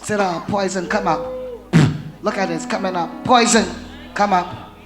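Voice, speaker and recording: A woman prophetess leading a deliverance prayer in a church, commanding and shouting orders at demons. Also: mid-range voice, steady tone, moderate pace. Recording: echoey church with loud music.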